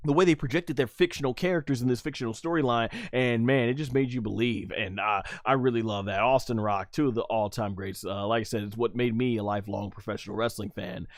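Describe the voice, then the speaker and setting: A man's voice: medium pitch, fast, hardly any pauses, no echo, studio quality. A man hosting a casual live stream about wrestling, reading chat messages aloud and rambling with fillers.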